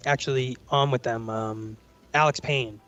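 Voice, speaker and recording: A man's voice: medium pitch, fairly even intonation, unhurried, a bit bright, clear, resonant tone. A man on a casual livestream telling a rambling story, swearing often and saying bro and dude. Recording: dry, dull lo-fi mic.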